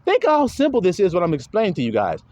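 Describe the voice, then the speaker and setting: A man's voice: high-pitched, wildly swooping pitch, fast, darkish tone, dull audio. A man preaching in a casual, blunt monologue, emphatic and profane, often mimicking other people's voices.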